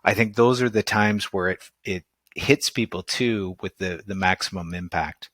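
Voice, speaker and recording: A man's voice: deep voice, steady tone, moderate pace, a bit bright, no echo. A man hosting a coaching podcast, asking his guest questions and reflecting thoughtfully on the answers. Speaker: podcast host and performance coach.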